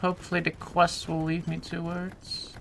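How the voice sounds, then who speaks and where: With a completely flat delivery and vocal fry, a Flemish woman from Flanders, Belgium, chats to her stream while playing, lightly swearing in casual game commentary. Her voice is on the low side, the pace moderate, and the background noisy.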